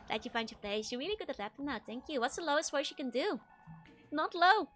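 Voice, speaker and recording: A young VTuber chats casually with her stream chat in a high, somewhat bright voice full of big pitch swings, talking fairly quickly. She giggles often between phrases and stammers through restarts. Soft music plays in the background.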